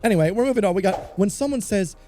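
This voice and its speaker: A man's voice: high-pitched, lively intonation, fast, warm tone, a little hiss or hum. A man from the United States reading online comments aloud and adding playful, joking asides.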